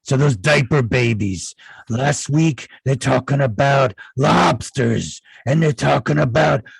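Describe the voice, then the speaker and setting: A man voicing a furious, gravelly biker-type male video editor who rants and curses in a raspy shout. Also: mid-range voice, slow, no echo, exaggerated voice. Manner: ranting, cursing, threatening. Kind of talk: comedy sketch bit.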